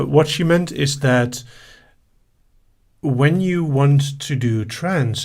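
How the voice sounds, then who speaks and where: A man hosting a live session, reading listener questions aloud and answering them in a relaxed, casual way. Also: mid-range voice. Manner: relaxed, reads out questions then answers briefly.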